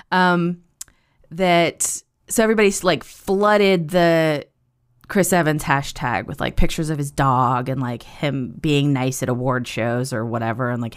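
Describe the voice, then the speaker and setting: A woman hosting a casual monologue, telling a story in an animated, profane way and laughing as she goes. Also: rumbling low.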